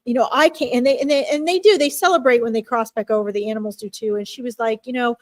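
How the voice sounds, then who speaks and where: A woman giving an animal communication reading on a live stream, speaking gently and emotionally, halting often with fillers and restarts. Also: a little high, no room sound.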